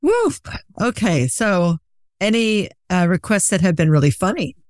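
A woman hosting an interview, enthusiastic and quick to laugh, with short eager reactions. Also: medium pitch, very animated, no room sound, studio quality. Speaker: podcast host. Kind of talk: casual interview.

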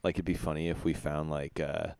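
Deep-voiced man, relaxed podcast guest. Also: brisk, gravelly, a little hiss or hum. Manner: easygoing, laughs often, chimes in with short replies. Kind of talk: casual podcast chat.

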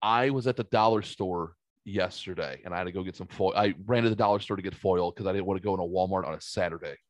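A man's voice: low-pitched, fast talker, no room sound. Profane, rambling man telling stories. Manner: profane, rambling, animated storyteller. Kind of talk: casual storytelling chat.

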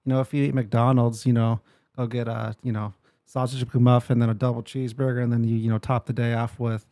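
A realtor man talks business on a podcast in a loose, rambling way, stacking fillers and restarts. His pitch sits mid-range. The recording is dry and close. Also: little pitch movement, brisk, mellow, no echo. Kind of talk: casual podcast chat.

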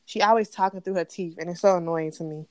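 A woman's voice: on the low side, quick pace, no room sound, studio quality. A woman co-hosting a casual TV recap chat, blunt and profane as she rants about the show. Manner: blunt, profane, animated ranting. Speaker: podcast co-host.

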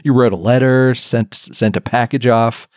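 Here a man co-hosts a podcast with a steady, slightly mellow voice of medium pitch at a normal speed. The studio sound is clean and dry, and his casual talk is lively and full of laughter.

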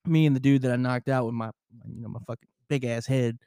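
A man's voice: medium pitch, fairly even intonation, fast, dark tone, smooth, dry recording. A man co-hosting a casual podcast, telling a story with laughs and lots of swearing, on a close microphone. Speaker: podcast co-host. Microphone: close studio microphone.

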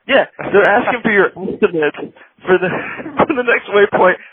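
Brief: male caller, high voice, animated storyteller, phone-line audio with light hiss. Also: moderate pace. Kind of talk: casual chat.

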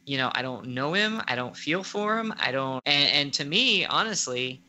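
A woman in casual chat reviewing an anime, exasperated and animated, breaking into loud outcries. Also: deep voice, moderate pace.

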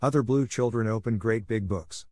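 Man, audiobook narrator, low voice, dry close-miked sound, measured storybook reading. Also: darkish tone, no room sound. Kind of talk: storybook reading for English listening practice.

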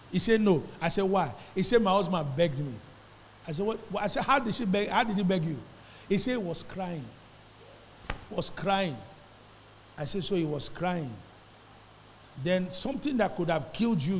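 High-voiced pastor preaching in a hall. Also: male voice, slight background noise. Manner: storytelling, calls congregation to repeat phrases. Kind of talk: sermon. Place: church hall. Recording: long hall reverb.

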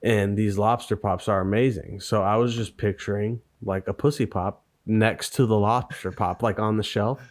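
A man's voice: lowish voice, steady tone, normal speed, hardly any pauses, no room sound. Dry-sounding man in profane podcast banter. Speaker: podcast co-host. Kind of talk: casual chat.

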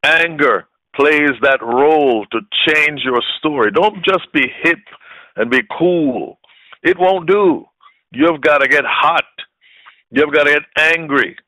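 A man's voice: fairly high pitch, slow pace, no room sound, poor audio. A man preaching a sermon with impassioned, emphatic delivery and repeated phrases. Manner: impassioned, rising to shouted peaks.

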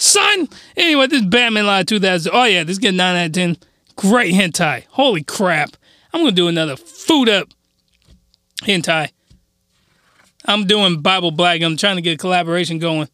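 A man's voice: sits high, sharp tone, no room sound. A man hosting a casual joking review vlog, rambling and cutting himself off, speaking in a put-on fake accent as a mock persona. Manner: rambling, self-interrupting, playing a mock persona. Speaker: video reviewer.

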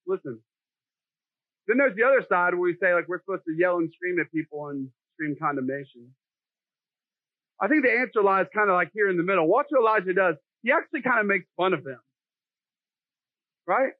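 A man's voice: sits high, animated, brisk, long pauses, no echo. A middle-aged man preaching a sermon in a jokey, self-deprecating, conversational way. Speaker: pastor. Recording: dry, tinny phone-like sound.

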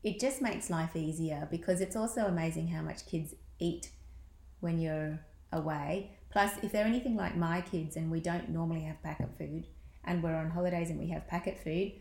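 Middle-aged woman, low gravelly voice, chatty and practical, echoey room. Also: darkish tone. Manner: chatty, practical, quick asides. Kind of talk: casual chat.

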